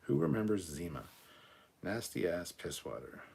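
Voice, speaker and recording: A man's voice: sits low, sing-song, normal speed, creaky, a little mellow, slightly rough. A man hosting a casual livestream, reading chat aloud, swearing often and laughing between remarks. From Canada.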